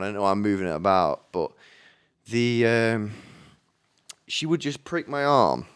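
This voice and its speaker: A man's voice: lowish voice, lively intonation, a little slow, clear, resonant tone. A man hosting a solo podcast, rambling chattily into a microphone with many restarts and casual swearing. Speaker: podcast host. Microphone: studio microphone.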